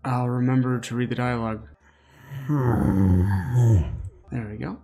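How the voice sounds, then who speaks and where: A tired man hosting a relaxed gameplay commentary, sassy and rambling with joking asides. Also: mid-range voice, slow, faint music behind. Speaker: let's play host.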